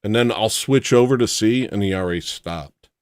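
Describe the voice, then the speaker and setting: Male streamer host, low voice, dry close mic, self-mocking rambling banter. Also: moderate pace, clean tone, no echo. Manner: rambling, self-mocking jokes, greets chatters by name. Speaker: livestream host. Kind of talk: casual livestream chat.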